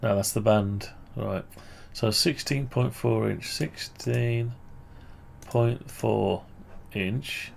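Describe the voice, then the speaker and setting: A man with a deeply gravelly, creaky voice talks slowly and unhurriedly, thinking aloud through an amateur radio antenna project at his computer. He rambles and corrects himself mid-sentence, with a faint hum of noise behind him. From United Kingdom. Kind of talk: casual screen-share walkthrough.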